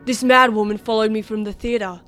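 Gruff hostile stranger, gravelly, bitter, put on by a woman narrator. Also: a little high, steady tone, normal speed, fairly bright tone, soft background music, close to an everyday voice. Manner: curt, hostile.

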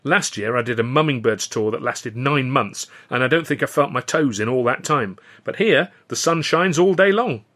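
A man reading the lines of a friendly, long-suffering old company manager in a storybook, brisk and chummy. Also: medium pitch, expressive, a bit bright. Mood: cheerful. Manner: brisk and chummy, sighing at the boss.

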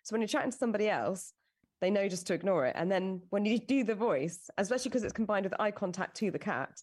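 Quick-talking woman explaining cat behaviour. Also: medium pitch, expressive, darkish tone, slightly rough. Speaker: cat welfare expert, co-host. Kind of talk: casual explaining.

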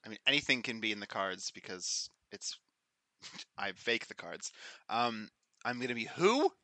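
Very bright-voiced sarcastic man. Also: on the low side, expressive, dry recording. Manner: sarcastic, quick-witted, laughing. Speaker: player. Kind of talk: playing a tabletop game.

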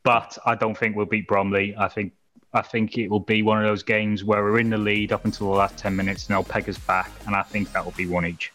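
Male co-host, lowish voice, steady and measured. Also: soft background music. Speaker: podcast co-host. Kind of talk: casual football podcast chat.

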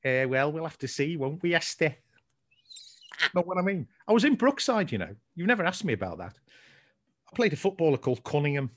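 A man with a Scouse accent co-hosting a casual podcast chat, telling stories in a chatty, animated way. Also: on the high side, brisk, long pauses. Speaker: co-host.

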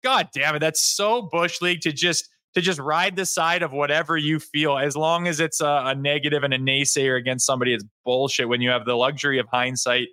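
Fired-up man, bright and dry. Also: fairly high pitch, a little fast, hardly any pauses, no echo. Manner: animated, mocks critics in put-on voices, swears. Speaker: co-host. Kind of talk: heated sports chat.

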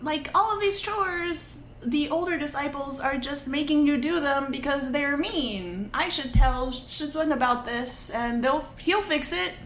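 A woman putting on a bubbly, spoiled young female disciple who whines in a high, pouty sing-song. It is recorded in an echoey room with faint background hiss. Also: measured pace, few pauses, fairly bright tone. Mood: pleading.

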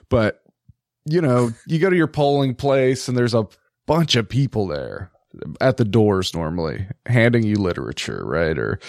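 A man's voice: on the low side, dry recording, studio quality. A man co-hosting a podcast, talking politics casually with lots of swearing and laughter. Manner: profane, animated, laughs often. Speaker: podcast co-host.

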